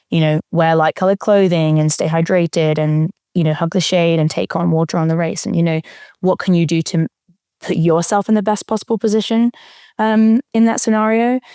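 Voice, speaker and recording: A woman's voice: fairly low pitch, a little mellow, clear, resonant tone, dry recording, studio quality. A young adult woman talking casually as an interview guest, thoughtful, with frequent fillers and restarts. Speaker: interview guest, marathon runner.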